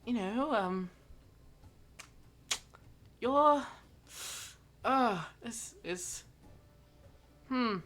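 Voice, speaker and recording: A woman voicing a hushed, hesitant young woman. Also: a little high, expressive, voice pushed up, full character voice. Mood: quiet, awkward. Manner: hushed, halting speech with many restarts.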